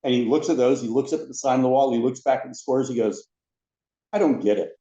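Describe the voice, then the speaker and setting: A man telling anecdotes as a podcast guest, a lively storyteller who acts out the other people in his stories. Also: medium pitch, quick pace. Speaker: podcast guest, former theme park ride attendant. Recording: roomy, dull lo-fi sound.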